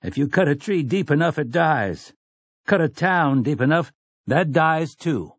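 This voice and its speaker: A man's voice: on the high side, animated, measured pace, dry recording, voice pushed up. A man voicing an earnest farmer father who addresses his town in solemn, plain country speech.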